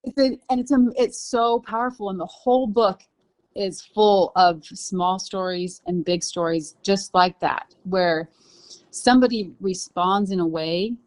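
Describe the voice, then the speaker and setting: A woman's voice: mid-range voice, unhurried, a little mellow. A woman on a podcast casually retelling a story, with loose phrasing and frequent fillers. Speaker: podcast guest.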